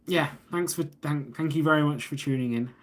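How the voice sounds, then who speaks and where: A man's voice: fairly high pitch, fairly quick. An English man hosts a casual live stream, talking into a phone he holds up. He rambles from one viewer comment to the next, reading each one aloud before answering it. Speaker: host of a live stream about watches. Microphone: phone held up.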